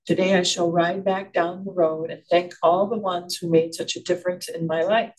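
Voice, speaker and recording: A man voicing a cheerful, prosperous merchant on his fiftieth birthday, in a gentle storytelling delivery. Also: high-pitched, flat delivery, moderate pace, recorded from a distance, low-quality recording. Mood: grateful.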